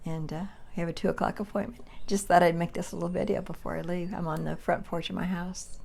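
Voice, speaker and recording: A woman's voice: lowish voice, little pitch movement, fast talker, gravelly, darkish tone. A woman in her eighties reminiscing in a chatty, rambling way on her front porch for a vlog. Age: 80s. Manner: chatty, rambling, calls out names in a sing-song. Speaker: vlogger.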